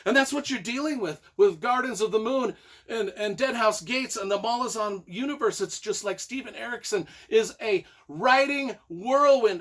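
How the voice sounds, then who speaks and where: An excitable man with a high voice reviews books in a casual, rambling way. He piles up repeated phrases and swells into loud, emphatic bursts of enthusiasm. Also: normal speed. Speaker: book reviewer.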